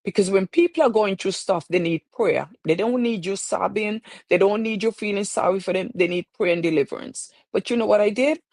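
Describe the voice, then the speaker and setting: On her live stream, a female host delivers impassioned, preacher-like talk, circling back to the same phrases. Her medium-pitched voice is slightly mellow and brisk, with barely any pauses, and there's no room sound.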